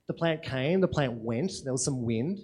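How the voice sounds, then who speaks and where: A man's voice: medium pitch, expressive, normal speed, darkish tone, slightly rough. A man preaching a sermon in a conversational way, often asking rhetorical questions and checking in with "right?".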